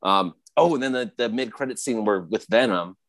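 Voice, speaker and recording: A man in casual chat, retelling scenes excitedly with frequent laughter. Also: on the low side, moderate pace.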